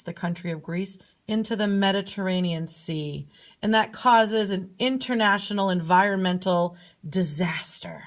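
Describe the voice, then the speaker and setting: Lady teacher doing a silly map story, sing-songy and bouncy. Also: mid-range voice. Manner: playful, sing-song, lively storyteller. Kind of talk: storytelling geography lesson.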